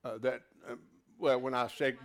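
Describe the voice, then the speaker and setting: A man gives a sermon to a live congregation in a steady tone at a moderate pace. He refers to his listeners as folks and moves between emphatic, loud declarations and quiet asides spoken low.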